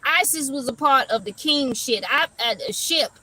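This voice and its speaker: A woman's voice: sits high, lively intonation, unhurried, sharp tone, poor audio. A woman giving a casual livestream tarot reading, rambling and profane, laughing as she tells stories. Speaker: tarot reader.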